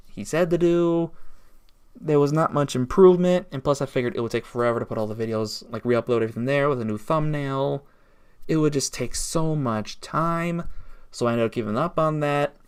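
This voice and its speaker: A man's voice: mid-range voice, fairly quick, clear, resonant tone. A man telling a grievance story in a casual vlog, rambling and restarting his sentences as he goes. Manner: aggrieved, rambling retelling with many restarts. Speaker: YouTuber.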